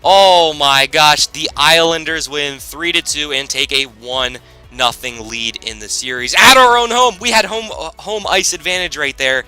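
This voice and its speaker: A man with a high, very bright, piercing voice narrates a simulated hockey season for his channel. He swings from rambling asides to excited shouting whenever a big play lands. Faint game music plays under him. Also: measured pace, clear, resonant tone, low-quality recording. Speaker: gaming YouTuber. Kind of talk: hockey video game commentary.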